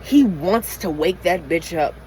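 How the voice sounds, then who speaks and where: A woman's voice: on the low side, expressive, measured pace, mellow, slight background noise, low-quality recording. Middle-aged woman venting raw and profane. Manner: raw, emotional, profane venting with many restarts. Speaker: van-life vlogger. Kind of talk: candid late-night vlog rant. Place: inside her parked van.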